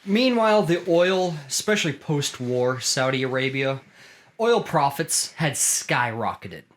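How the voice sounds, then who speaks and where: A man's voice: mid-range voice, lively intonation, measured pace. A man co-hosting a history podcast, telling the story in casual chat, acting out quotes and swearing freely. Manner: storytelling, acts out quotes, laughs often, swears. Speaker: podcast co-host.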